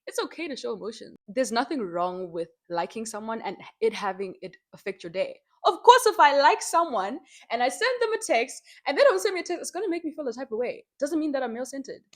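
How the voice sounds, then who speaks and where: A young Zimbabwean woman vlogging her frank opinions, animated and slangy, now and then slipping into Shona at home. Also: high-pitched, fast talker, few pauses. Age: young adult. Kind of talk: candid opinion vlog. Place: home, by a window.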